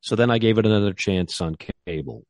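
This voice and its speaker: A man co-hosting a sports podcast, rambling enthusiastically and restarting his sentences. His voice sits on the low side and sounds dry and close. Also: brisk, darkish tone, dry recording. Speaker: co-host. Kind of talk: casual sports podcast chat.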